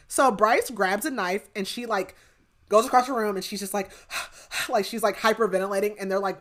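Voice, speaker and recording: A woman's voice: medium pitch, normal speed. A young woman co-hosting a podcast, casually retelling a novel's plot in a rambling way with constant "like" fillers. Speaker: podcast co-host. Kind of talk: casual book recap chat.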